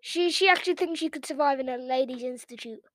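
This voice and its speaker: A woman's voice: high-pitched, no echo. An English woman hosting a reaction video, ranting casually in a sarcastic, mocking way. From England. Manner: sarcastic and mocking, quick rants.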